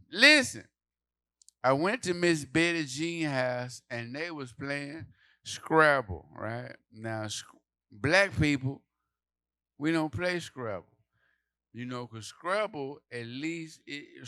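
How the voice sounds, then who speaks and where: A man performing a stand-up comedy set for a live audience, telling stories loudly and playing out the quotes. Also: medium pitch, clear, resonant tone, no room sound. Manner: loud, animated storytelling with acted quotes.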